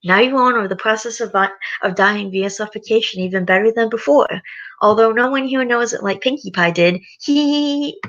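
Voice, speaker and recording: Girl doing a creepy giggly unicorn mare mad scientist, high and sing-song, kinda muffled audio. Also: brisk, fairly bright tone, close to an everyday voice. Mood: gleeful menace.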